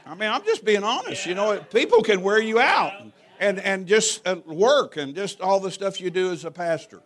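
Pitched high and delivered at a moderate pace, this middle-aged man's voice carries a sermon as a pastor. He weaves in stories with animated, folksy humor.

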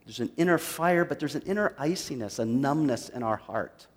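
A man preaching a sermon, reading a psalm dramatically and swinging from loud to hushed. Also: mid-range voice, animated, normal speed, in a large hall. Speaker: pastor.

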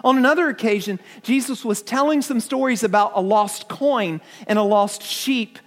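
A man's voice: sits high, moderate pace, fairly bright tone. A man preaching a sermon to his congregation, earnest, often repeating words and asking the listeners questions. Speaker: pastor.

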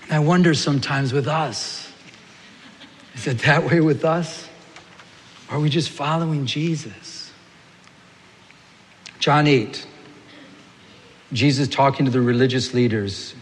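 A man preaching a sermon as pastor, telling everyday stories in an animated way and acting out little scenes. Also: medium pitch, slow pace, long pauses, in a large hall, a little hiss or hum.

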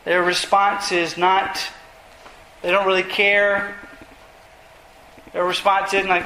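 A man's voice: sits high, fairly even intonation, slow, pauses often, pushed and bright, a little hiss or hum. A man preaching an expository sermon, retelling scripture passages earnestly and pressing his points with emphasis. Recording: roomy echo.

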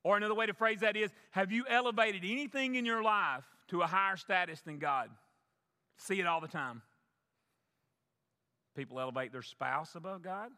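A man's voice: high-pitched, normal speed, bright, forceful tone. A male pastor preaching a sermon, emphatic, repeating key phrases for the congregation. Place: church sanctuary. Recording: long church reverb.

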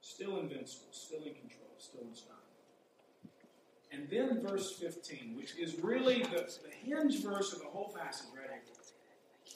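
Male preacher, fairly high voice, chatty sermon delivery, heard from back in a very echoey hall. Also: sing-song, a little slow, a little mellow. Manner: conversational, asks rhetorical questions. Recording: echoey hall, mic far off, faint hum.

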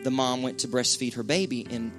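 A man's voice: medium pitch, steady tone, fairly quick. Folksy preaching man, faint music under. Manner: folksy, conversational preaching with colloquial asides. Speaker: pastor. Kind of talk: sermon.

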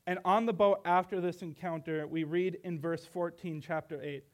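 A man's voice: high-pitched, steady tone, moderate pace. A young man preaching a sermon, earnest, asking rhetorical questions and reading scripture aloud.

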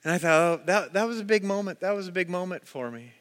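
Animated preacher in a reverberant hall. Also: male voice, high-pitched, fast. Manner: storytelling, animated, acts out voices. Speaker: pastor. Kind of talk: sermon.

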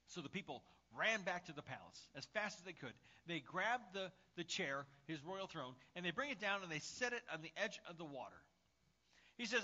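A man's voice: high voice, big pitch swings, moderate pace, pushed and bright, highs cut off. A male pastor preaching a sermon with a summer cold. He tells stories and talks with frequent fillers and restarts. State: has a summer cold, coughing. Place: church.

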